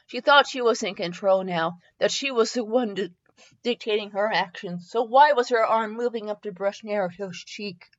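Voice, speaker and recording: A woman's voice: medium pitch, moderate pace, dull audio. Woman reading fanfiction aloud, stumbling over typos. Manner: stumbles, laughs at typos and corrects herself. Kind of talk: comedic dramatic reading with asides.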